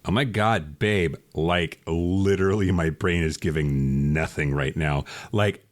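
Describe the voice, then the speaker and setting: An airheaded young twink gushing in slang, as a man puts him on with a lively, swooping delivery. The voice sits low for a man, and the lines are read out as a podcast bit. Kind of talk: reading a joke text aloud in character.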